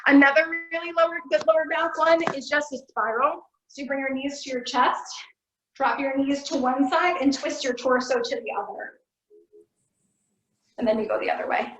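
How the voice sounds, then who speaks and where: Upbeat fitness coach, woman, bright high register, video-call sound. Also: normal speed, low-quality recording. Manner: upbeat, encouraging instructor. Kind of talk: virtual class Q&A.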